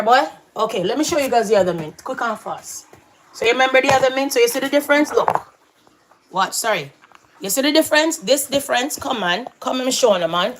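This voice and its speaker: A talkative woman vlogs from her house and garden on her phone, chatting loosely and calling out to viewers. Her voice sits a touch high for a woman, and a faint hiss runs under it. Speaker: vlogger. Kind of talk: casual vlog chat. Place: at home, walking out to a backyard garden. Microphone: handheld phone.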